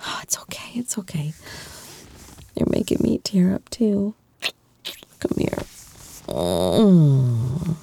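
A woman voicing an affectionate girlfriend who gently reassures and teases her partner, in a whispered role-play. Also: low-pitched, huge pitch swings, drawn-out words, creaky, pauses often, husky, full character voice. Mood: tender. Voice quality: soft, gentle, reassuring, playfully teasing.

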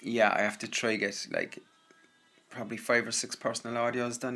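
Rambling Irish man, low and forceful. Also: fairly even intonation, brisk, breathy edge. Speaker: audio content creator answering listener messages. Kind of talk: casual rambling monologue.

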